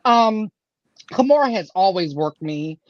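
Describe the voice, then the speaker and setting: A woman's voice: mid-range voice, animated, measured pace, no room sound. A woman giving blunt, sarcastic commentary as a panelist in a casual chat. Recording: dry, dull lo-fi sound.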